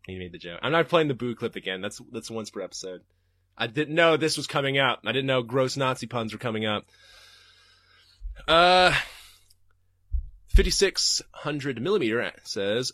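A man's voice: medium pitch, expressive, fairly quick, a bit bright, no echo, clean studio sound. A man hosting a podcast and reading live chat, talking casually and profanely and laughing often.

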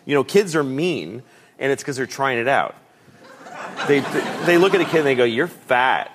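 A man's voice: mid-range voice, lively intonation, moderate pace, noisy background. A man telling a comic story as a talk show guest, acting out voices and quotes and laughing often.

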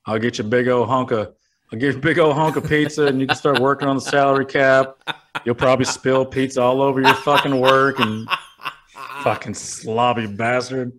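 A man impersonating an angry older team-owner father who scolds his son, profane and loud. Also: mid-range voice, steady tone, brisk, lightly acted. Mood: scolding.

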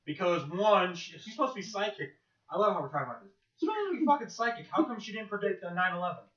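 A brash New man cracking crude jokes on a podcast, his voice high, bright and swooping all over. It sounds roomy and a bit dull, like a lo-fi home recording. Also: animated, rapid-fire. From New York. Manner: loud, profane, joking. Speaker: podcast co-host. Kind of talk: casual podcast banter.

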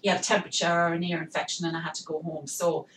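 A woman's voice: sits low, flat delivery, racing, fairly bright tone, slight background noise. A woman with an English accent, a military spouse, talking reflectively in a casual podcast conversation. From England. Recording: roomy, distant mic, faint ambience.

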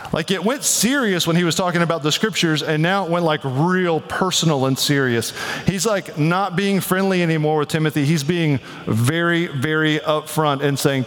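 A man's voice: fairly high pitch, a bit bright, big-room sound. A man preaching a sermon in a church, casual and conversational, often saying "like". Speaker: pastor.

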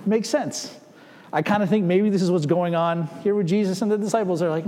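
A man's voice: sits high, fairly quick, mellow, long reverb tail. A man preaching a sermon as a pastor, speaking conversationally and acting out the people in the story. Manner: conversational, acting out quoted voices.

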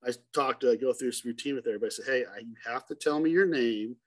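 A middle-aged hunting guide recounts a story in a relaxed interview, voicing each person in it as he goes. His voice sits at an ordinary middle pitch for a man, and he moves between quick asides and drawn-out emphasis. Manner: animated, acts out dialogue in the story.

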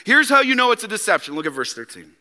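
A man with a high, very bright and forceful voice preaches a sermon in a church, heard through a long hall reverb. He drives his points with rhetorical questions and acts out quoted lines in character. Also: big pitch swings, fast talker. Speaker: pastor. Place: church sanctuary.

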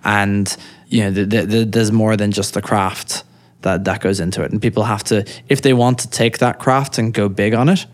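A man's voice: fairly low pitch, steady tone, normal speed. A man with an Irish accent co-hosting a podcast in casual chat, often restarting and repeating words as he thinks, with a dry teasing humor. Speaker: podcast co-host.

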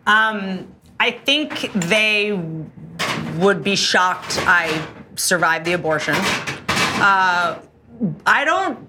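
A woman comedian guesting on a cooking show, chatting fast in a blunt, deadpan way. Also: medium pitch, noisy background. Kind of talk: casual chat.

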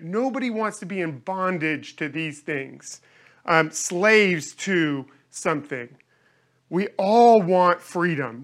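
Earnest high-voiced male preacher. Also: fairly bright tone. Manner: earnest, repeats words while searching for phrasing. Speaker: pastor. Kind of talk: sermon.

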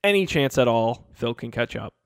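A man co-hosting a casual podcast, animated and playfully sarcastic as he reads out standings. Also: medium pitch, normal speed, clear, resonant tone, no echo, studio quality. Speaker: podcast co-host.

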